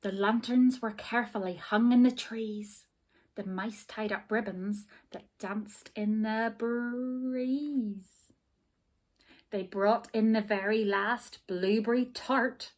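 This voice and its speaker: A woman teacher reading a rhyming picture book aloud to children, expressive and stopping to ask about the rhymes. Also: on the high side, slow pace. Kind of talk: storybook read-aloud for children.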